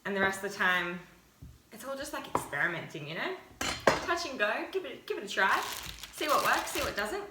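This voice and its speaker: A woman's voice: medium pitch, big pitch swings, brisk, very noisy. Chatty young woman cooking in an echoey kitchen. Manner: chatty, self-mocking, giggly. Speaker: cooking vlogger. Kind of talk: casual cooking chat. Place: home kitchen.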